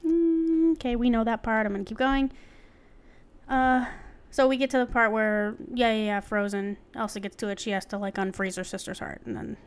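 A woman's voice: fairly high pitch, steady tone, moderate pace, smooth. Playful young woman reading aloud. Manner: reads an article aloud with joking asides and frequent laughs. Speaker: podcast co-host. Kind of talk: casual podcast chat, reading aloud.

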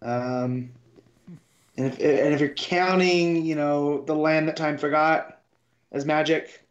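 Man, fairly high voice, casual podcast chat, rambling, muffled lo-fi audio. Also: steady tone, slow. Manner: rambling, talks through his confusion with restarts. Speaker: podcast co-host. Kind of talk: casual comic book review chat.

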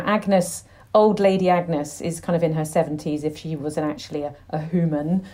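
Middle-aged woman, lowish voice, chatty and animated, casual guest. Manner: chatty, animated storyteller, acts out her dogs' voices. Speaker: podcast guest. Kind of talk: casual chat.

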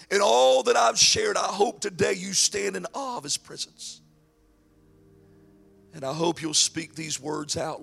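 A male pastor preaching a sermon, swinging from hushed, drawn-out lines to shouted climaxes. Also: on the high side, gravelly, slightly rough.

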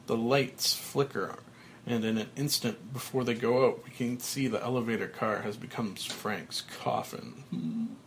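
A man's voice: medium pitch, unhurried, a little hiss or hum. Man reading stage directions, matter-of-fact. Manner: steady, matter-of-fact, with small slips. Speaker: podcast host reading a film script.

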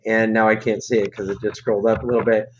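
A man's voice: on the low side, flat delivery, quick pace. A middle-aged man from the United States co-hosting a podcast, chatting casually in a rambling, profane, emphatic way. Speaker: podcast co-host. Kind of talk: casual chat. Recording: dull lo-fi audio with faint hiss.

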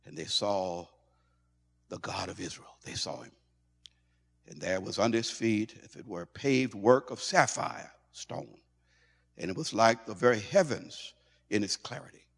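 A male pastor preaching a sermon in an animated way, stumbling over and repeating words as he goes. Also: on the low side, a little slow, creaky, long pauses. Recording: long hall reverb.

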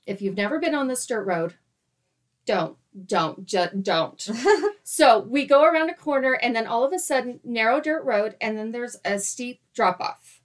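A woman in her thirties tells a story in casual chat. Her voice sits fairly high. She stays animated, laughs often and acts out her own quoted lines. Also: a little slow. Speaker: guest storyteller.

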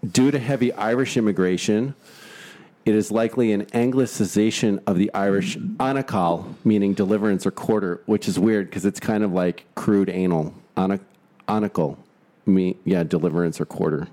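A man with a fairly low voice hosts a casual, crude podcast chat. He reads facts aloud and riffs on them with coarse jokes. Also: normal speed, dark tone. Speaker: podcast host.

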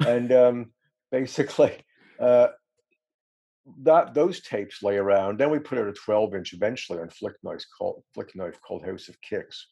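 A man's voice: on the low side, moderate pace, gravelly, mellow, breathy edge, highs cut off. A middle-aged man, a musician being interviewed, telling rambling, self-deprecating stories with frequent laughs. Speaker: musician guest. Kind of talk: casual anecdotal interview.

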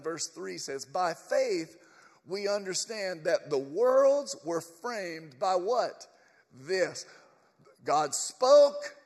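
Male pastor, high pitch, deliberate sermon delivery, church reverb. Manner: emphatic, storytelling, addresses the congregation.

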